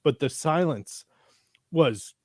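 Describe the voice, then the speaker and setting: A man's voice: a little high, expressive, slow pace, darkish tone, dry recording, studio quality. A man co-hosting a podcast in casual chat, rambling and swearing freely, often trailing off into fillers. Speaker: podcast co-host.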